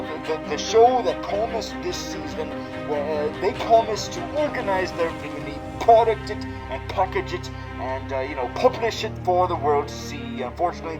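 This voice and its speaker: Rambling, profane man with a high voice. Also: low-quality recording. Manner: rambling, profane, many fillers and restarts. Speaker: comedy vlogger in villain persona. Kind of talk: comic rambling recap.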